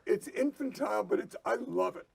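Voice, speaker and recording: A man's voice: sits high, lively intonation, brisk, vocal fry, breathy edge, exaggerated voice. A man playing a cocky, blustering stunt performer as a talk show guest, bragging, cursing and bullying in brash comic banter. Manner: loud, cocky, cursing, brags and bullies.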